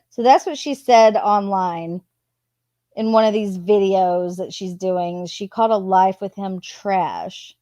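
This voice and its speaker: Casting: woman, slow, unhurried delivery, chatty and blunt asides while reading messages, close dry mic. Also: medium pitch, fairly even intonation, warm tone, no echo. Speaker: true crime commentator. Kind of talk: casual reading and commentary.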